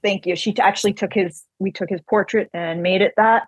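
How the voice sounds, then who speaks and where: A woman author telling an animated personal anecdote in casual chat, quoting the people in it. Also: medium pitch, brisk, breathy edge, dry recording, highs cut off.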